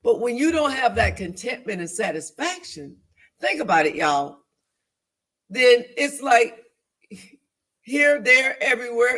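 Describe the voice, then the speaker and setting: A woman co-hosting a church talk show, talking about faith with a preaching edge. Her voice is bright and forceful, and her delivery is animated and emphatic. She repeats phrases for emphasis and acts out the voices in her head. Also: on the high side, unhurried, pauses often.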